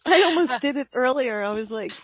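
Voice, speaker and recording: A woman's voice: high voice, animated, a little fast, dry recording. A woman guest on an online radio show, chatting casually and easygoingly, laughing often. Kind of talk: casual chat. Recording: dull lo-fi online radio, dry.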